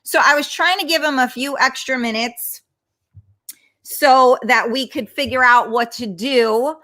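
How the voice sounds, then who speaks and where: Bright, high-voiced chatty woman host. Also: a little slow. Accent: New York. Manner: chatty, flustered by tech trouble. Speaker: talk show host. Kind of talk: casual livestream chat.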